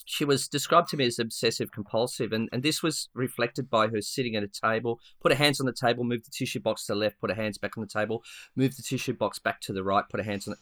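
A man co-hosting a podcast, telling a story in a lively, casual way with many restarts and acted-out quotes. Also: medium pitch, no echo, studio quality. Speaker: podcast co-host.

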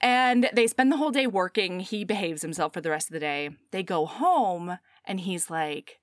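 A woman co-hosting a casual chat, giggly and animated as she recaps a story and playfully voices its characters. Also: fairly low pitch, normal speed, few pauses, no room sound, studio quality. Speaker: podcast co-host.

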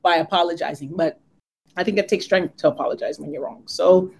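A woman co-hosting a casual faith discussion, an animated storyteller who acts out the voices she quotes. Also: lowish voice, brisk, gravelly, slightly rough.

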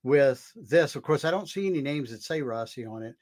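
A man co-hosting a tech podcast, telling stories in a relaxed, casual way. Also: mid-range voice, brisk. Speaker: podcast co-host. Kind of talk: casual chat.

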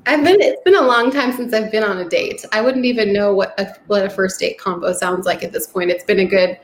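A woman's voice: medium pitch, fairly quick. Frank laughing woman in echoey room. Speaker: podcast host and musician, guest. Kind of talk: casual chat. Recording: echoey room, faint background noise.

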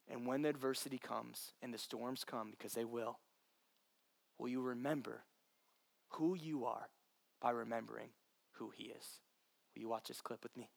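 A man's voice: mid-range voice, vocal fry. A man preaching a sermon as pastor, passionate and earnest, addressing listeners directly.

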